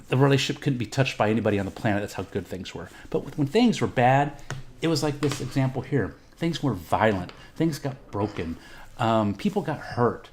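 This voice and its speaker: A man's voice: mid-range voice, darkish tone. A middle-aged man from Texas, hosting a podcast and telling a personal story in a candid, profane, rambling way. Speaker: podcast host. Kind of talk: casual storytelling.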